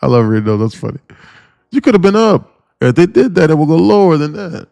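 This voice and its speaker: A man giving live day-trading commentary on a stream, talking in an animated, emphatic way that keeps repeating and restarting phrases. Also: fairly high pitch, brisk, creaky, no room sound, studio quality.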